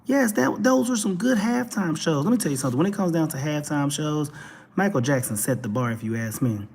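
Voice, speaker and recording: A man with a Texan accent giving casual, animated commentary as a talk show host, speaking straight to his viewers. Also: on the high side, fairly quick, creaky, husky. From Texas. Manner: animated, preachy, addresses viewers directly.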